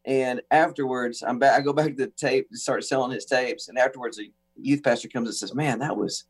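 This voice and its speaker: A man from the United States, a guest on a talk show, telling an animated story with acted-out quotes and frequent restarts. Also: mid-range voice, brisk. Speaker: guest musician.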